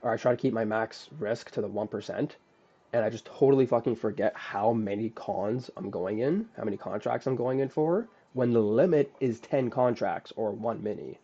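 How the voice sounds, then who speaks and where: Low-voiced guy griping about his own bad trade, swears a lot, kinda muffled lo-fi sound. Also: normal speed, warm tone, husky. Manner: profane, frustrated and self-critical. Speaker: day trader recapping a trade. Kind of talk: casual recap video. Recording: dull lo-fi audio.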